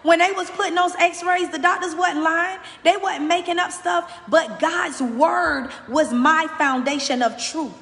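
A woman's voice: extremely high pitch, unhurried, gravelly, few pauses, a bit bright, reverberant, big-room sound. A woman hosting a motivational faith podcast, giving a fervent, preacherly message straight to her listeners.

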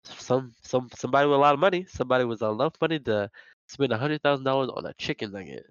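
A man's voice: mid-range voice, fast talker, clear, resonant tone, no echo. Young man, casual podcast banter, rambling storyteller, muffled lo-fi sound, dry room. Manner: rambling, laughing, animated storyteller. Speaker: podcast co-host. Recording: muffled lo-fi recording.

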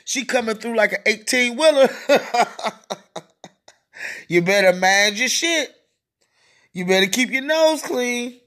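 Solo podcast host, slow and drawn-out, cackling through a profane, mocking rant. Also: mid-range voice, animated, fairly bright tone. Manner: profane and mocking, keeps breaking into laughter.

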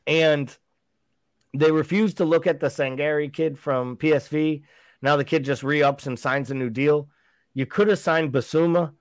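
A man's voice: a little high, steady tone, measured pace, dry recording. A man co-hosting a football podcast, talking in a wry, sarcastic way. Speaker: podcast co-host. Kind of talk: casual football fan chat.

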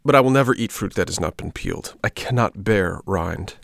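A man's voice: deep voice, lively intonation, fairly quick, creaky, no echo, studio quality. A man voicing a hungry, fretful wooden puppet boy who whines and wails stubbornly. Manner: whiny, wailing, stubborn.

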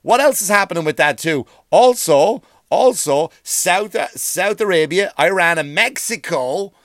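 Guy ranting on his podcast, kinda high voice, swears a lot, trips over words, dry close mic. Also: expressive, a little slow, a bit bright, no echo. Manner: profane, rambling, stumbles over words. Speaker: podcast host. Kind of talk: ranting monologue.

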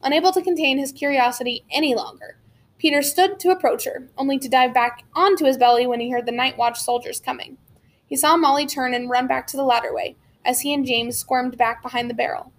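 A woman narrating a children's adventure novel as an audiobook, with steady storytelling and occasional slips and restarts. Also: high voice, brisk. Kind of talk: reading a children's novel aloud.

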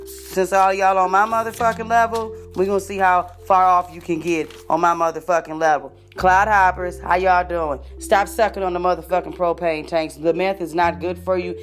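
A woman's voice: on the low side, fairly even intonation, normal speed, soft background music. A woman delivering a profane, confrontational rant straight at her listeners, swearing constantly and dropping fancy vocabulary words. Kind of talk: profane ranting monologue.

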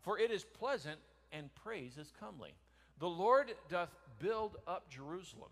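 Lively, animated male Bible teacher. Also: on the high side. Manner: animated preaching, swings from loud to soft; reads scripture slowly in King James wording. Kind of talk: sermon.

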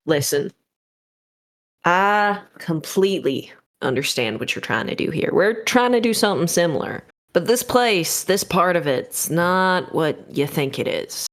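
A player voicing a calm, mysterious stranger who speaks through a phone speaker, matter-of-fact and cutting. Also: mid-range voice, unhurried. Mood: urgent.

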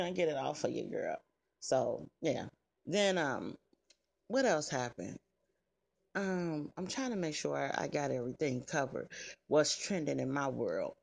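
Her voice sits low and gravelly as this middle-aged podcaster chats through her stories. Blunt and foul-mouthed, she addresses listeners head-on.

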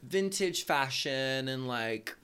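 A man co-hosting a podcast in casual, animated chat, gossipy and swearing freely. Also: mid-range voice, slow pace, smooth. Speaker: podcast co-host.

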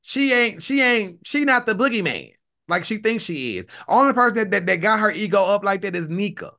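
A man hosting a livestream, chatting in an animated, profane way and laughing often. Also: high-pitched, brisk. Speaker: livestream host. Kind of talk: casual commentary chat.

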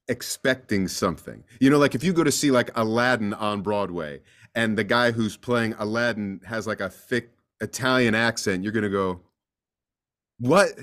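Guy actor chatting on a podcast, lively storyteller, acts out little voices, normal mid pitch. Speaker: guest actor. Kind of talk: casual interview.

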